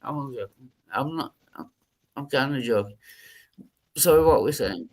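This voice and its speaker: A male stream host in casual live chat, crude and self-mocking. His voice sits at an ordinary middle pitch, and he laughs often as he banters with his guests. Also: animated, normal speed, a little mellow.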